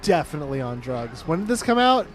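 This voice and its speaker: A man's voice: a little high, big pitch swings, fast talker, soft background music. A man hosting a let's play, making dry, teasing wisecracks in casual chat with his co-host. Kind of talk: casual chat over gameplay.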